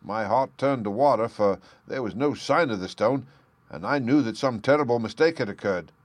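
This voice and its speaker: A man's voice: mid-range voice, moderate pace, no echo, lightly acted. A man reading aloud plays a frightened young thief pouring out a pleading confession, his voice raised and urgent. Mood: anguished.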